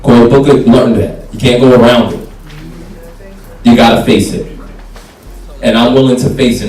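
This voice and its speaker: A man's voice: medium pitch, mellow. A man, a council candidate giving a fiery, plain-spoken campaign speech to a crowd. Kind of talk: campaign speech at a meet and greet. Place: community hall meet and greet. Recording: echoey room, speaker from far off, music faint behind.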